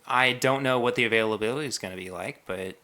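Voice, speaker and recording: Man, podcast co-host, casual chat, upbeat, bright voice. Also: medium pitch, fast talker.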